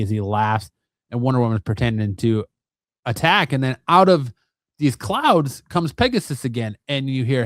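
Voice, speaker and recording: A man's voice: mid-range voice, expressive, normal speed, dry recording. Give me an enthusiastic, slangy man recapping comics on a dry, close mic. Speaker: comic book video host.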